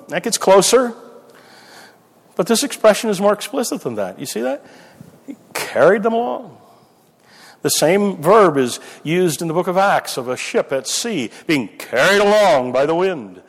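A man preaching a sermon, teaching through a Bible passage and stressing key words emphatically. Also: on the high side. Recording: long hall reverb.

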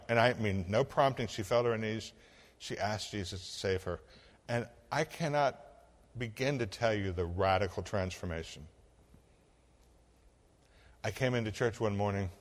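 Man, pastor, sermon storytelling, acts out dialogue, hushed to loud, long hall reverb. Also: on the low side, a little slow, pauses often. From Illinois.

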